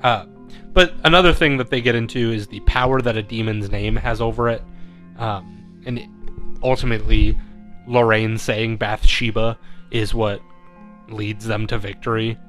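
A man's voice: lowish voice, fairly even intonation, normal speed, fairly bright tone, soft background music. A man co-hosting a podcast in casual chat, rambling with lots of fillers and laughing often. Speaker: podcast co-host.

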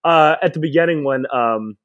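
A man's voice: on the high side, normal speed, a bit bright, no room sound. A young man co-hosting a casual podcast, telling stories animatedly and laughing often. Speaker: podcast co-host. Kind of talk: casual rewatch podcast chat.

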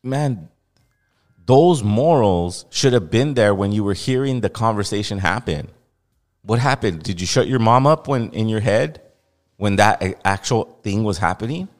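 A man's voice: lowish voice, lively intonation, moderate pace, in a large hall. A man from Los Angeles hosting a podcast, giving blunt, heated commentary with repeated emphasis. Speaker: podcast host. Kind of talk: casual opinionated commentary.

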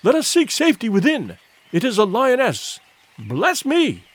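A man voicing Mister Philander, shrill fussy old scholar. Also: sing-song, moderate pace, a bit bright, slightly rough, heavily acted. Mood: panicked. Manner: shrill, fussy, panicky exclamations. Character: flustered nearsighted elderly male scholar.

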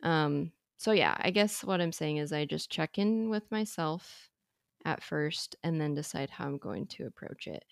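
A woman's voice: sits low, animated, unhurried, vocal fry, dry recording, studio quality. A woman co-hosting a parenting podcast, talking thoughtfully and hesitantly with many fillers. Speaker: podcast co-host. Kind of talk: casual parenting podcast chat.

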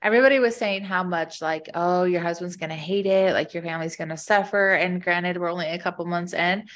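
A woman co-hosting a casual podcast as a military spouse, telling stories in a chatty, animated way. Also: fairly low pitch, fairly quick. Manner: chatty, animated storytelling with frequent "like".

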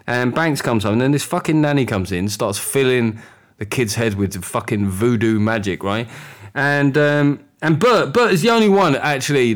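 A middle-aged man hosting a podcast, talking candidly in a sweary, rambling way. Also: medium pitch. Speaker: podcast host. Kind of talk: casual monologue.

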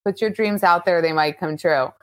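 A woman's voice: fairly low pitch, moderate pace. A woman guest on a podcast, ranting emphatically and swearing in casual chat. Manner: animated, profane, emphatic ranting.

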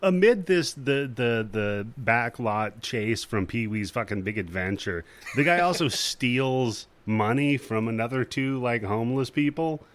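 A man's voice: medium pitch, expressive, unhurried. A man in casual movie chat, commenting on the plot with dry, sardonic remarks.

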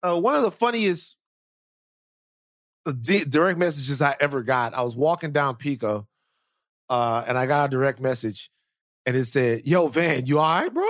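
A male podcast host telling stories in a relaxed, animated way, repeating himself as he goes. His voice sits in an ordinary middle register. The recording is close and dry, with no room sound. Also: medium pitch, moderate pace, pauses often, dry recording. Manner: animated, repeats words, voice drops for a serious story. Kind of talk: casual chat and storytelling.

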